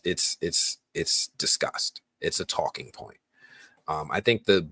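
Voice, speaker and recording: A man's voice: on the low side, a bit bright, no room sound. A man hosting a casual movie news podcast, talking loosely with lots of ums and restarts. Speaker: podcast host.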